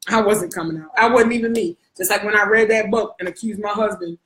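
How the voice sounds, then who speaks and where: A woman's voice: mid-range voice, steady tone, fast talker, fairly bright tone, roomy sound. A woman from Brooklyn, co-hosting a casual, profane and playful live chat, often laughing. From Brooklyn, New York. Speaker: co-host.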